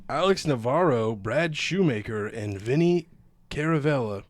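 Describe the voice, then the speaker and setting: A man's voice: mid-range voice, lively intonation, unhurried, dry recording, studio quality. A man co-hosting a casual gaming podcast, reading news stories aloud and joking about them. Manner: joking, reads headlines and riffs on them. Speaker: podcast co-host.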